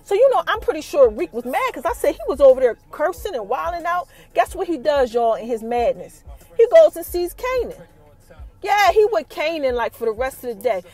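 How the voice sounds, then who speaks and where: A woman with a high, bright-pitched voice tells a TV episode's story in a slangy, conversational way. She teases each twist with repeated rising questions and keeps the energy animated. Faint music plays underneath. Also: fairly quick. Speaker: podcast host. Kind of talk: casual TV episode recap.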